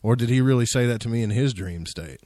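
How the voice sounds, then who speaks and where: A man's voice: medium pitch, fast talker, warm tone, dry recording, studio quality. A man hosting a radio talk show, chatty and telling his own story, often asking "right?". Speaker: radio host. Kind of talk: casual radio interview.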